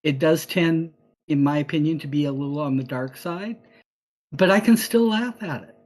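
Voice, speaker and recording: A woman's voice: low voice, normal speed, darkish tone, rough recording. Conversational woman on a panel. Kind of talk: casual panel discussion.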